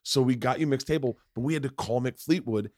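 A man's voice: medium pitch, fast, darkish tone, no echo, clean studio sound. A man hosting a podcast, telling a long story in casual chat, swearing freely and acting out what other people said. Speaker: podcast host.

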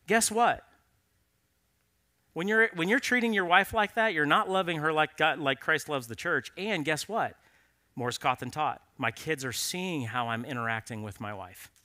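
Earnest preaching man, bright voice. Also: on the high side. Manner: earnest, direct appeals to men; conversational storytelling. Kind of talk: sermon.

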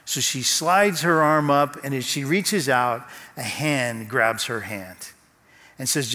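A man preaching a sermon as pastor, telling a story with slow, dramatic pauses. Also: mid-range voice, sharp tone. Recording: long hall reverb.

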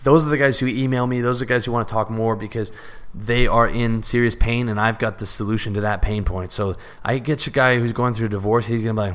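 A man giving a casual spoken lesson on sales pitching, talking bluntly and conversationally and swearing freely. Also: fairly even intonation, fast, a bit bright. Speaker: sales and self-improvement coach.

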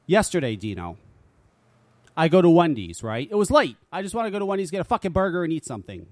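A man's voice: a little high, sing-song, fast, darkish tone, no echo. A man hosting a talk radio show, ranting casually and swearing freely in an exasperated way.

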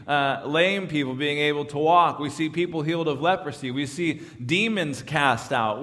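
A man's voice: fairly high pitch, a bit bright, long reverb tail. A man preaching a sermon as pastor, speaking emphatically and often restarting his phrases. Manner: emphatic, repeats words when restarting. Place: church sanctuary.

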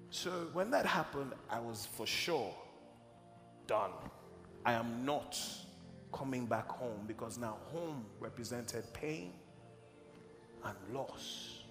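A man from Nigeria preaching, telling a personal testimony as an emotional, animated storyteller in a large church hall. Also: fairly high pitch, vocal fry. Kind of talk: sermon storytelling. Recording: echoey hall with music.

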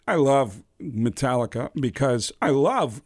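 A man impersonating an eerie older male film actor who speaks in a slow, halting, oddly stressed way. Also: medium pitch, animated, dry recording, clean studio sound. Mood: deadpan. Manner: slow, halting, strange cadence.

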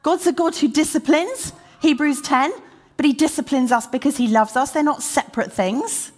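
A woman preaching a sermon, acting out quoted prayers and questions with rising energy, then dropping to a quiet, earnest tone. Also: sits high, normal speed, faint music behind. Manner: animated, acts out quoted prayers with rising intensity.

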